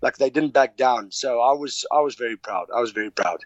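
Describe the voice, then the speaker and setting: A man from Namibia, a former rugby player chatting casually as a guest from a hotel room, relaxed and hesitant with many fillers. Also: medium pitch, fairly quick, dry recording. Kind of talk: casual interview chat. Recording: dull lo-fi remote call.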